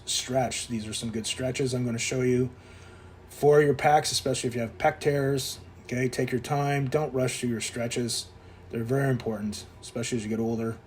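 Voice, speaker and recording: A man's voice: mid-range voice, slight background noise. A man in his fifties with a Canadian accent, a fitness vlogger talking over his workout footage in a blunt, coaching way with plenty of swearing. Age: 50s. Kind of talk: casual voice-over vlog.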